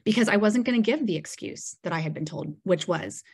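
A woman as a podcast guest, telling a personal story in a casual, animated way and acting out bits of dialogue. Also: medium pitch, brisk, slightly rough. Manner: animated storyteller who acts out quoted dialogue and leans on "like".

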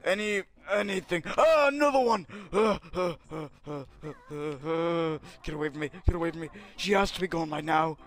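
A man's voice: high voice, fairly even intonation, brisk, hardly any pauses, a bit bright. A man voicing an arrogant, hot-tempered alien prince warrior while playing a video game, brash and insulting, yelping in panic. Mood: brash, panicky. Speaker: game player. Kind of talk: comedic let's-play voice parody.

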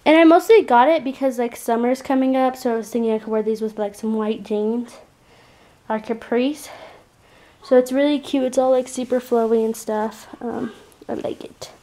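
Chatty young mom with a high voice. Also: female voice, fairly even intonation, moderate pace, warm tone. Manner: chatty, filler-heavy with lots of "like". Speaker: mom vlogger. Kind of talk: casual vlog chat. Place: at home in an apartment, indoors. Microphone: handheld point-and-shoot camera.

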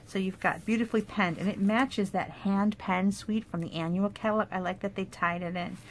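A woman's voice: medium pitch, fairly even intonation, moderate pace, slight background noise. Chatty woman showing craft supplies. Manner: chatty, enthusiastic, with fillers and asides. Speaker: paper craft demonstrator. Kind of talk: casual product show-and-tell.

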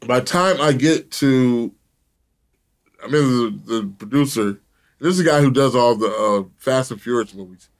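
A man telling a profane story as an interview guest, animated, laughing often and acting out the other people in it. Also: mid-range voice, normal speed.

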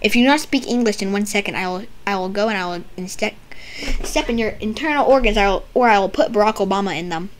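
A young woman playing a doctor in a game roleplay, silly and teasing, with sudden loud outbursts. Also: medium pitch, fast talker, slight background noise. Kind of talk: playful game roleplay banter.

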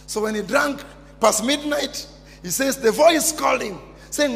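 High-voiced pastor preaching with fervor. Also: male voice, a little slow, gravelly. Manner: emphatic preaching, repeats phrases, bursts into shouts. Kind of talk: sermon. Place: church. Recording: long church reverb with music behind.

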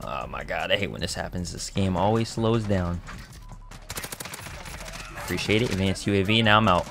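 A man commentating his own online shooter matches in casual slang, excitable, trash-talking other players and bursting into shouts. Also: sits low, normal speed, creaky. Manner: casual slang-heavy banter. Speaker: gaming YouTuber. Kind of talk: live gameplay commentary.

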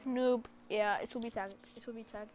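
Speaking quickly and flatly in a mid-range voice, a woman gives chatty gameplay commentary for her YouTube channel, reading out internet slang. The game's car engines roar loudly in the background.

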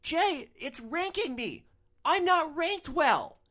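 A man doing a spoiled young woman in a sharply raised, squeaky register, far above his own voice. She whines and protests in shrill, entitled indignation. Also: animated, takes it slowly, sharp tone, full character voice. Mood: shrill outrage. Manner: shrill, outraged whining.

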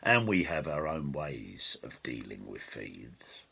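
A man's voice: very deep voice, big pitch swings, slow, gravelly, bright, forceful tone, slightly rough, pitched below the performer's own voice, heavily acted. A man voicing a proud, commanding elf king who speaks sternly, in a storybook reading. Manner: commanding, suspicious.

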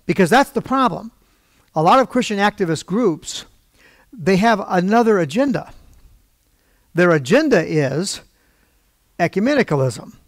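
A man's voice: sits high, sing-song, a little slow, pauses often, dry recording. A male pastor preaching from the pulpit, telling a story in a conversational way and acting out the dialogue. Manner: conversational, acts out quoted dialogue. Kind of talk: storytelling sermon. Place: church pulpit.

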